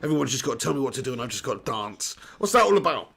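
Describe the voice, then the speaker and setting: A man's voice: mid-range voice, big pitch swings, racing, creaky, fairly bright tone, husky. A young man hosting a live football watch-along, chatting and joking while he reads out viewers' comments. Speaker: live stream host.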